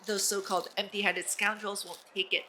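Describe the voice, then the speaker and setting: A woman's voice: medium pitch, flat delivery, brisk, pushed and bright, a little hiss or hum, close to an everyday voice. A woman reading aloud the lines of a boastful, paranoid male inventor from a game, in a pompous, self-important manner.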